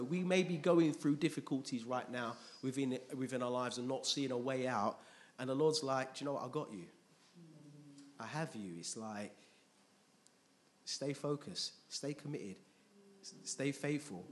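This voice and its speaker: A man preaching to his congregation in a relaxed, chatty way, his voice sitting at an ordinary middle pitch. He keeps turning to the room with little questions as he reads scripture and explains it. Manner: chatty, checks in with congregation often. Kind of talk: conversational sermon with Bible reading. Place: church.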